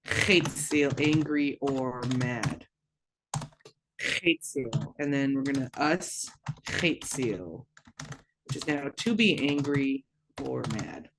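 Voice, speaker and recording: A woman teaching a language lesson, slow and patient, repeating words for learners to echo. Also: a bass voice, lively intonation, noisy background.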